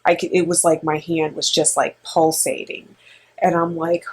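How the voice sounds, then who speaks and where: A middle-aged woman co-hosting with her son, telling a story in a rambling, animated way with lots of fillers. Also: fairly low pitch, fairly quick, slightly rough. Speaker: co-host and mother. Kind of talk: casual storytelling.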